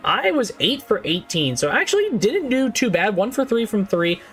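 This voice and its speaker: High, lively man ranting through gameplay. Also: moderate pace. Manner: excitable and easily frustrated, yells at teammates; casual slang and mild swearing. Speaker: gaming YouTuber. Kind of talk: live gameplay commentary.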